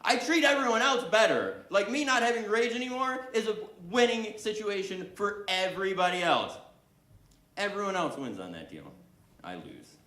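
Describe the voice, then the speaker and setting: A man's voice: high-pitched, big pitch swings, moderate pace, bright, forceful tone. A man doing a stand-up comedy set on a club stage, self-deprecating and chatting with the crowd. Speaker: stand-up comic. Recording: echoey club room with faint background ambience.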